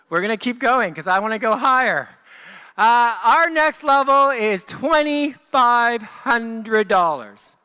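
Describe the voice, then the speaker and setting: A man's voice: high voice, bright, forceful tone, clear, resonant tone. A man hosting a live gala fundraiser on a handheld mic, rallying the room and calling out paddle numbers and donation amounts. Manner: upbeat, rallying, reads paddle numbers in slow, drawn-out calls. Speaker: gala host running a fundraising paddle raise. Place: gala event room with guests. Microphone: handheld microphone.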